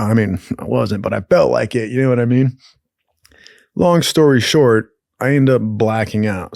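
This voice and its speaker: A man spins a loose, profane story, laughing often and swearing freely. His voice sits at an ordinary middle pitch. The recording is dry and close. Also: moderate pace, gravelly, darkish tone, dry recording. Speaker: storyteller host. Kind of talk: casual storytelling.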